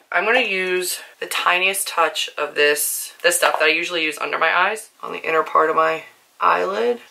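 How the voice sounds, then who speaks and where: A young woman with a hoarse, worn-out voice, chatting casually to camera about her makeup, nervous and full of "like" fillers. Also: deep voice, bright, forceful tone, slight background noise. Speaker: book and beauty vlogger.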